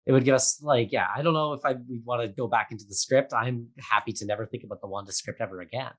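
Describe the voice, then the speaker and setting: A young adult man speaking as a guest in a casual interview. He rambles along with a steady stream of fillers and breaks into laughter often. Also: medium pitch. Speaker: theatre maker guest.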